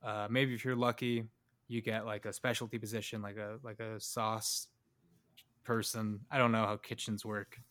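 A man's voice: lowish voice, level tone, normal speed, fairly bright tone. A young man co-hosting a podcast, telling a story in a loose, joking way with many fillers. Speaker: podcast co-host. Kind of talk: casual storytelling chat.

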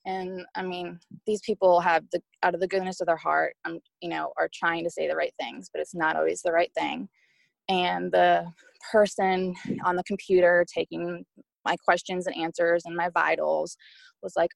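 Young woman, podcast guest, slightly low with a gravelly edge, recounts her experience openly. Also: little pitch movement, moderate pace, no echo. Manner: candid, emotional retelling with quoted speech. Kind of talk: personal storytelling.

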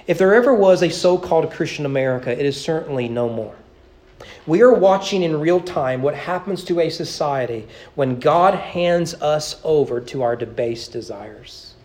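A male pastor delivers a sermon from a church sanctuary. His voice sits a touch high for a man. He presses his points earnestly, repeating words as he restarts and leaning hard on slow, stressed phrase endings. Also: a little mellow.

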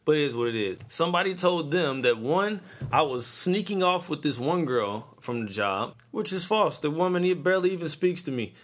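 A man's voice: on the high side, animated, moderate pace. A man in his thirties hosting a podcast, ranting casually in a profane, slangy storytelling way. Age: 30s. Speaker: podcast host.

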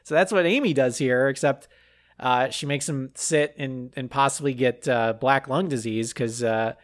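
A man's voice: mid-range voice, normal speed. A man co-hosting a comedy podcast, casually recapping a movie and riffing with jokes. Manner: jokey, riffs with silly voices for characters.

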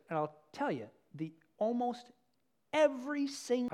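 Pastor, sermon, animated storyteller, mid pitch, loud and soft swings. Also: normal speed.

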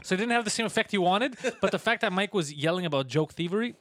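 Fast-talking comedian telling stories. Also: male voice, sits high. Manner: animated storyteller, swears often, laughs mid-sentence. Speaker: comedian guest. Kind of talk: casual podcast chat.

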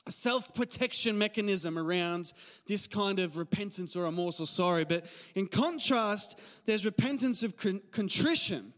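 A male pastor in his thirties with an Australian accent, giving a casual, animated sermon full of stories and laughs. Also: high voice, moderate pace, long reverb tail. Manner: conversational, animated storytelling with laughs. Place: church hall.

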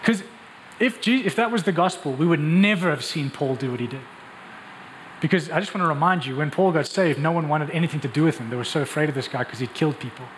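A man's voice: a little high, slight background noise. Impassioned male preacher in a hall. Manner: impassioned, rhetorical questions, quick restarts. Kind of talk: sermon. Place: large church hall. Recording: long hall reverb, faint ambience.

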